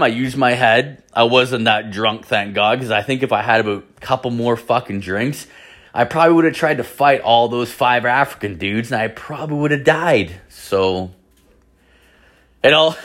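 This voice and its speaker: A man's voice: mid-range voice, expressive, measured pace, fairly bright tone. A man from Canada hosting a solo podcast, telling a story in a rambling, heavily profane way, full of "like" and restarts. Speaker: podcast host.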